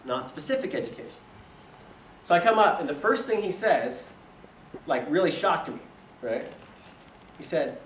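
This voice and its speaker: A young man with a slightly high voice tells the story of his business casually, laughing a lot and doing voices when he quotes people. He speaks at a moderate pace with long pauses, and a distant mic gives the recording a roomy echo over a noisy background.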